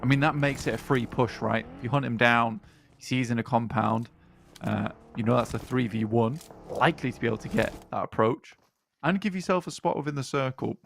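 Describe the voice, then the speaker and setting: A man's voice: medium pitch, a little fast, creaky, a bit bright, a little hiss or hum. A man giving laid-back color commentary on an esports match. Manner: laid-back, banter-prone. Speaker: esports co-caster.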